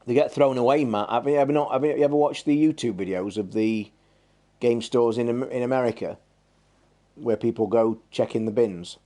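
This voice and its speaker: A man's voice: medium pitch, steady tone, fairly quick, dark tone. A man hosting a gaming live stream, chatting in a rambling, blunt and sweary way. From England. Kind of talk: casual live-stream chat.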